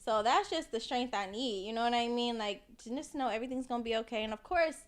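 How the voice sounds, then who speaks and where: A woman's voice: on the high side, fast. A young woman guest in a casual chat, telling her stories with emotion and animation. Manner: emotional, animated storytelling, often laughing. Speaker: podcast guest.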